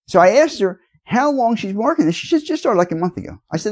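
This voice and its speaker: A man's voice: sits high, sing-song, quick pace, hardly any pauses. A man ranting straight to his viewers in a rambling, accusatory, lecturing way. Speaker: video blogger. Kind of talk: rambling direct-to-camera rant.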